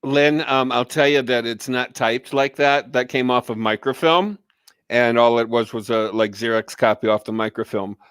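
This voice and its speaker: Male co-host, smooth voice, dry recording, rambling casual chat. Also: mid-range voice, moderate pace, a bit bright, dry recording. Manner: rambling and profane, many false starts.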